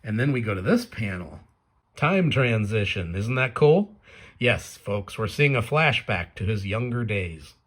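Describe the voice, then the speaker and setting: A man's voice: lowish voice, very animated, a little slow, a bit bright. A man casually commenting on his own comic, chatty and prone to laughing as he explains it. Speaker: comic artist and creator.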